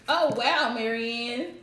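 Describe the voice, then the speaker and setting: A woman's voice: fairly high pitch, a bit bright, echoey room, slight background noise. A woman giving a casual live-streamed tarot reading, blunt and emphatic, chatting with her viewers. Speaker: tarot card reader. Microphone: streaming setup.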